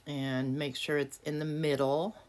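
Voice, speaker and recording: A woman's voice: low voice, flat delivery, unhurried, darkish tone. A woman hosting a casual crafting tutorial at her home desk, chatty and self-deprecating, often laughing at herself. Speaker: craft video host.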